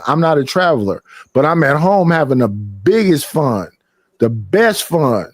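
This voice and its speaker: A man hosting a casual talk show with a somewhat high voice, telling stories animatedly and slipping into other people's voices. He swears freely, and his sound is dry and close. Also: moderate pace, no room sound. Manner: animated storytelling, acting out others in a raised voice, profane. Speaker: podcast host. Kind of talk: casual chat.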